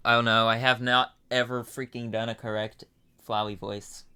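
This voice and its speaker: A man's voice: medium pitch, level tone, normal speed, sharp tone, clear, resonant tone, no echo. A young man hosting a casual reaction video, talking in a rambling, self-interrupting way. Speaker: channel host reacting to game news.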